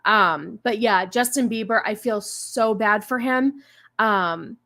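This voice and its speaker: A woman's voice: medium pitch, takes it slowly, sharp tone. A woman hosting a casual live stream, greeting viewers and musing aloud with many fillers and restarts. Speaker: stream host.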